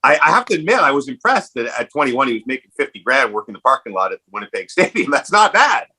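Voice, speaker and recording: A man hosting a casual podcast chat, telling a story animatedly and jumping up in pitch when acting out quotes. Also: very animated, quick pace, pushed and bright, slightly rough, low-quality recording. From Canada. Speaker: podcast host.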